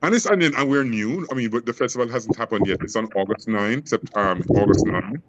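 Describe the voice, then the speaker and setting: A Jamaican poet and educator, whose accent blends Jamaican with Canadian, speaks passionately in an interview, often stumbling over repeated words. His voice is lowish and a little fast, and the audio is lo-fi.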